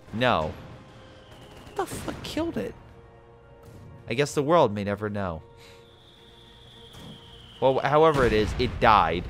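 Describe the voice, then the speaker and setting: A man casually commentating a strategy game, animated, swearing and talking to the players. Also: medium pitch.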